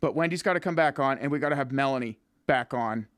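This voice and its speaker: A man's voice: medium pitch, fast, a bit bright, smooth, no room sound, clean studio sound. A man hosting a podcast, chatting casually and joking with a guest. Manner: joking, laughs often. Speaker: podcast host. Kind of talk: casual chat.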